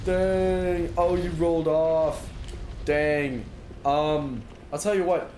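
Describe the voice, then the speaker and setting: Standing in a dorm-style room, a young adult streamer plays a game, reads chat out loud, and rambles casually with plenty of fillers. He speaks slowly in a high-leaning, steady, slightly mellow voice, captured with roomy echo and faint room noise.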